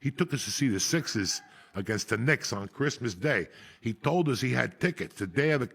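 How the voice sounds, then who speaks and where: A gravelly, husky man spins a profane story with big energy. His voice is rough with plenty of rasp and fry, and he talks like a loud, seasoned storyteller. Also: medium pitch, animated, moderate pace. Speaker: podcast host. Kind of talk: storytelling chat.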